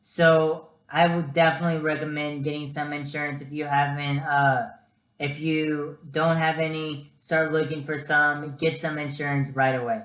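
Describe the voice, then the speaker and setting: Speaking at normal speed in a slightly high voice, a young adult man gives casual student-vlog advice in an echoey room. He tells stories animatedly and chattily, with plenty of ums and uhs.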